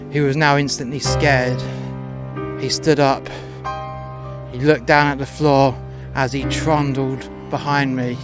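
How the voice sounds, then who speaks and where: A man recounts a story in a blunt, foul-mouthed, heated way. His voice sits at an ordinary middle pitch, and clear guitar music plays under the narration. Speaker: storyteller, former doorman. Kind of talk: profane personal anecdote.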